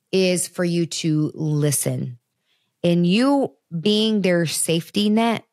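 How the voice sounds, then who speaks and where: A woman's voice: medium pitch, no room sound, studio quality. A woman in her thirties hosting a parenting talk show, speaking earnestly and conversationally straight to her listeners. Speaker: podcast host.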